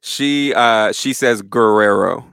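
A young man chatting casually as a guest in a church interview, animated and full of slang. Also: mid-range voice, normal speed, no room sound. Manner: animated, slangy, says "bro" a lot. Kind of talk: casual chat.

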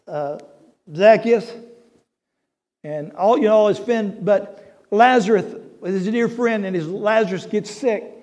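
Male pastor, middle-aged, very high pitch; folksy, emphatic sermon delivery. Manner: folksy storytelling preacher, rising to emphatic shouts.

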